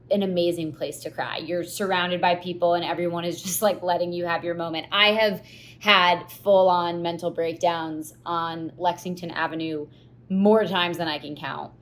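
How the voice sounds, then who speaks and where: A young woman hosts a podcast in a candid, confessional monologue. Her voice sits a bit low for a woman. She tells stories expressively and with animation. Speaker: podcast host.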